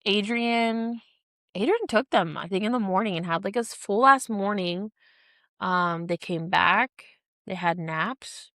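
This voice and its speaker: A woman in her thirties tells a story in animated, frank chat on a podcast. Her voice carries a gravelly edge. It sounds dry and close, with no room around it. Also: medium pitch, measured pace, no echo. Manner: animated storytelling with swearing and acted-out quotes. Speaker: podcast co-host. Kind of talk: casual chat.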